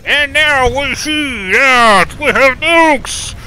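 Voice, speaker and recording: A man putting on a high, over-the-top voice for a loud announcer and a scolding officer, delivered in exclamations. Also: very slow, slight background noise, heavily acted, poor audio. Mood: excited. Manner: theatrical, exclaiming.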